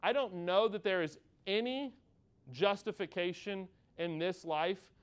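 A pastor in his thirties delivers a sermon in a relaxed, conversational way, pausing to check in with his listeners. His voice is clear and resonant and sits a little high for a man. He eases into light family stories to make his point. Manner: conversational preaching, checks in with the room with "okay?" and "all right?".

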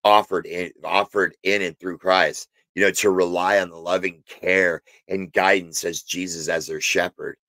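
Deep-voiced man giving rambling Bible teaching. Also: flat delivery, normal speed, hardly any pauses, pushed and bright, no room sound. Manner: rambling, many fillers and restarts, emphatic. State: has hiccups. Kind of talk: informal spoken Bible teaching.

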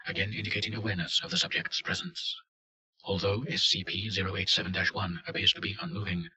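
Low-voiced man reading a report. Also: low-quality recording. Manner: flat, report-like delivery. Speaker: reader. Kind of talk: scripted narration.

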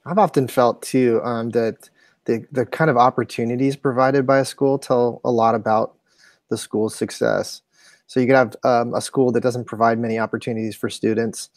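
A man co-hosts the interview and thinks aloud in a reflective, hesitant way, with fillers. His voice sits at a middle pitch. The recording is dry and close. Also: fairly even intonation, moderate pace, no room sound. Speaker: co-host. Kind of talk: podcast interview questions.

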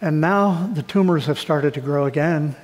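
A man's voice: a little high, normal speed. A middle-aged man pastor giving a sermon, talking conversationally and building to emphatic, raised passages. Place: church sanctuary. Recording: long church hall reverb.

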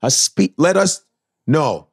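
A man's voice: a little high, slow, husky, no echo, studio quality. A man in casual podcast chat as the guest comedian, emphatic and profane, slipping into mimicked voices. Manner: animated, breaks into mimicked voices.

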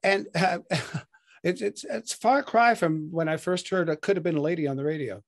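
A man's voice: on the high side, normal speed. A man hosting an interview, reacting eagerly and chatting casually with his guest. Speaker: interview host.

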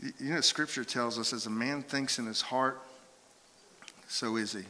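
A man preaching a sermon as a pastor, telling stories and acting out quoted voices with lively shifts. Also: medium pitch, moderate pace, big-room sound. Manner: animated storytelling, acts out voices and quotes. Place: church sanctuary.

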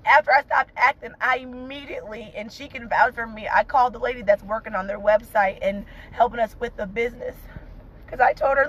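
High-voiced woman talking through tears. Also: brisk, a bit bright, a little hiss or hum, poor audio. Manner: tearful, fervent, repeats uplifting phrases. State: crying. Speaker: vlogger, mother of two young entrepreneurs. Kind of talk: emotional casual talk to viewers. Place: inside a parked car.

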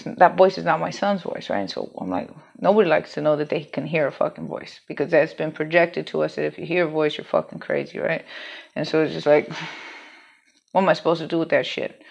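A woman's voice: low-pitched, gravelly. A woman telling a personal story in a candid, rambling way, swearing freely and restarting her sentences. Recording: dull lo-fi home recording.

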